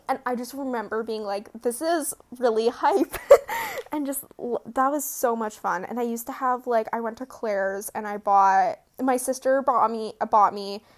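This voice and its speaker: Rambling, sleepy teen girl podcaster. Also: fairly high pitch. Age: teens. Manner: chatty, rambling, giggly, says "like" and "um" often. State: sleepy, yawning. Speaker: podcast host. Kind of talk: casual solo podcast chat.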